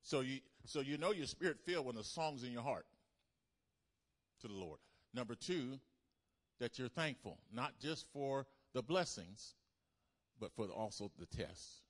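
A man preaching a sermon as pastor, animated, calling the congregation to respond. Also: medium pitch, unhurried, pauses often.

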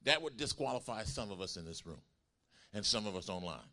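A male pastor delivering a sermon to a congregation. He swings from calm explaining to loud, emphatic call-and-response preaching and often repeats and restarts his phrases. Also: lowish voice, brisk. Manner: builds from quiet teaching to loud, emphatic preaching with call-outs.

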